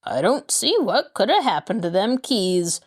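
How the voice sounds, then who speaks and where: A woman's voice: medium pitch, sing-song, unhurried, husky. A woman voicing a surly, complaining male robber henchman in an audiobook, sullen and defensive. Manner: sullen and whining. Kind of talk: audiobook character voice.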